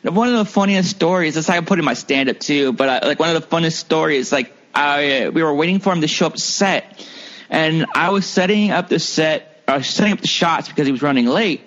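A man's voice: a little high, fairly quick, a bit bright. Rambling man telling stories, muffled sound. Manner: rambling storyteller, heavy filler words and profanity. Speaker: guest, comedian and filmmaker. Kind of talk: casual podcast chat. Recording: muffled lo-fi recording.

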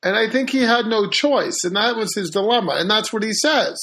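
A man interviewing a filmmaker, speaking slowly and hesitantly as he thinks things through. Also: sits high, pushed and bright. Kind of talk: casual interview.

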